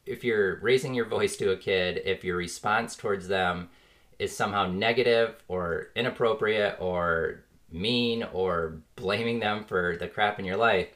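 Deep voiced guy in his 30s just chatting on his podcast, lots of likes, little laughs here and there. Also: measured pace, fairly bright tone. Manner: rambling, frequent "like" fillers, earnest; chuckles now and then while talking. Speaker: podcast host. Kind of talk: casual reflective monologue.

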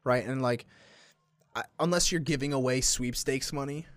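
Young man, podcast co-host, casual chat, swears a lot, mid-pitched, dry close sound. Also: moderate pace, no room sound. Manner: swearing, animated, slips into mock voices.

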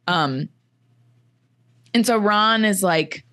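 A woman's voice: medium pitch, fairly bright tone, dry recording. Chatty woman podcast host, dry sound. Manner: chatty, laughs often, heavy use of "like"; acts out characters' lines in a quick retelling. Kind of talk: casual chat recapping a book chapter.

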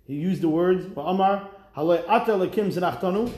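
Lively man teaching Talmud, echoey room. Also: high voice, brisk. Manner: lively storytelling, translating line by line with asides. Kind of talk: Talmud class lecture.

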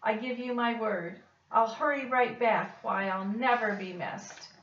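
A woman's voice: on the high side, unhurried, a bit bright, a little hiss or hum. A woman voicing a lazy female bird who coaxes in a sing-song storybook voice. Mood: coaxing. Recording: dull, roomy, distant recording.

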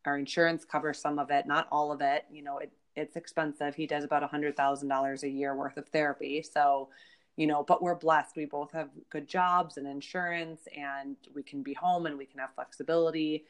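Low-voiced upbeat chatty woman. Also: level tone, a little fast. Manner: upbeat, chatty, full of "you know". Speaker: guest. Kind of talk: casual conversation.

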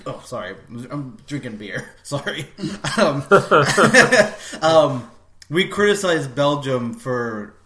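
A man's voice: medium pitch, sing-song, slow pace, sharp tone. An American man hosting a podcast in a casual chat, rambling and laughing often. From United States. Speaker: podcast host. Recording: echoey room, faint background noise.

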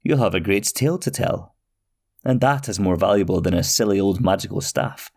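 Man reading gentle witch, measured, kindly, storybook. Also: sits low, vocal fry, voice pushed down. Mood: calm. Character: powerful witch, calm and kindly.

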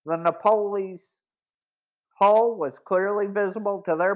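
A man narrating a boys' mystery audiobook in a measured, deliberate reading. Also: high voice, fairly even intonation. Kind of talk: scripted story narration. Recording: dull lo-fi recording.

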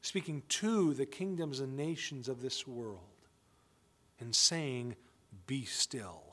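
A man's voice: medium pitch, expressive, slow pace. A man preaching a sermon, emphatic and full of rhetorical questions. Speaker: pastor; father of children.

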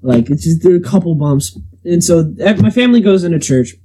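A man's voice: a little high, lively intonation, a little fast, dark tone, husky, poor audio. A young man telling a rambling, jokey story in casual chat as a co-host, full of fillers.

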